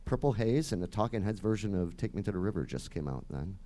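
Speaking fast and expressively in a fairly low, slightly nasal voice, a Michigan-accented man in his fifties from around Detroit talks casually as an interview guest. The musician rambles on, chatty, his words sometimes fading off quietly.

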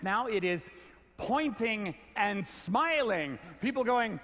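Animated middle-aged man in a hall. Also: high voice, takes it slowly. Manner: animated, stammers on repeated words. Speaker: speaker giving a stage talk. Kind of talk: storytelling stage talk. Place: large hall before an audience. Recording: long hall reverb.

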